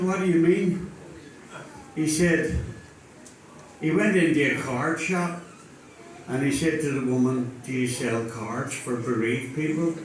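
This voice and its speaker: An older man performing a stand-up routine, telling stories with dry punchlines. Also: on the high side. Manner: storytelling, unhurried with dry punchlines. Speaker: stand-up comedian. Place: live venue with audience. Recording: echoey hall, far from mic, faint noise.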